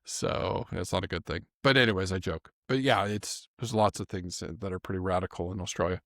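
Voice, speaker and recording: A man with a low voice hosts a casual chat about animals. He is talkative and laughs easily, often circling back and restarting mid-sentence. His voice sounds dry and close, with no room echo. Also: fairly quick, a bit bright. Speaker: podcast co-host.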